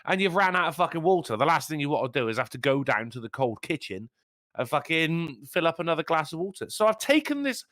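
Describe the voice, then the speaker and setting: A man's voice: fairly high pitch, lively intonation, quick pace, fairly bright tone, no echo, clean studio sound. A man co-hosting a podcast, chatting casually and teasing his co-host with plenty of swearing. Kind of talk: casual chat.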